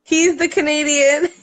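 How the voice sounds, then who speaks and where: A woman from Montreal, a group moderator, chatting casually on a video call and laughing often. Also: high-pitched.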